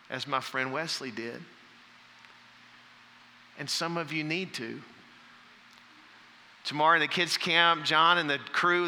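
Bright-voiced preaching man in a hall. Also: on the high side, slight background noise. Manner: preaching with rising emphasis and scripture reading. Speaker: pastor. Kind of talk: sermon.

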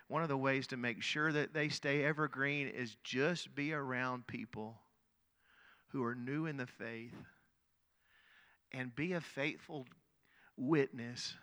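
A middle-aged man preaching a sermon, telling a story in an earnest, conversational way and often doubling up his words. His voice is medium in pitch with a bright, forward edge. It rings out with the long reverb of a big church hall. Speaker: pastor.

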